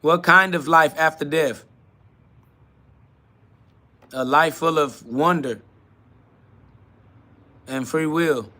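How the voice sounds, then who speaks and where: A man's voice: fairly high pitch, takes it slowly, long pauses, bright, forceful tone. A man hosting a live solo podcast, reading chat questions aloud and answering them bluntly, mocking the askers and laughing often. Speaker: podcast host.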